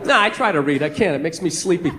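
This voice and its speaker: A man's voice: on the high side, animated, quick pace, crowd noise, noisy background. A man performing a stand-up set, ranting in an exasperated, profane way. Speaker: stand-up comedian. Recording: live show with audience laughter.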